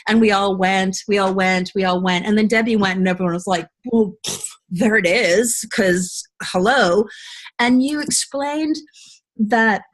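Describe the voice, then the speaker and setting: Woman host and voiceover coach, mid-pitched, chatty, quick to laugh, rushes her stories. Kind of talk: casual webinar Q&A.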